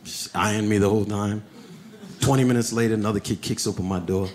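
A man doing stand-up comedy, telling stories and acting out characters with big jumps in pitch, on a comedy club stage. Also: steady tone, fairly quick, darkish tone, a little hiss or hum.

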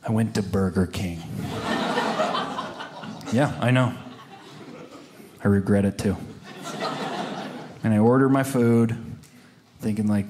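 A man doing stand-up in a club, telling his story at an unhurried, deliberate pace. He keeps a mock-solemn, preacher-like tone, and a clear layer of noise runs under the live recording. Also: fairly low pitch. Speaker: stand-up comedian. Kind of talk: stand-up comedy routine.

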